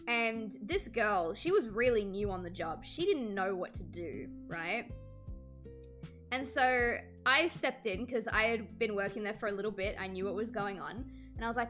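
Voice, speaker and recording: A woman's voice: fairly high pitch, animated, normal speed, pushed and bright, faint music behind. A woman in her twenties chatting casually with her stream while drawing, telling stories with many "like" fillers.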